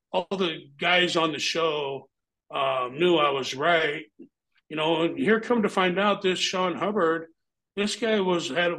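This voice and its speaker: A middle-aged man with a slightly higher-than-usual voice tells a story as an interview guest. His talk is blunt and heavily profane. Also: fairly bright tone, poor audio. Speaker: interview guest, former pro wrestler.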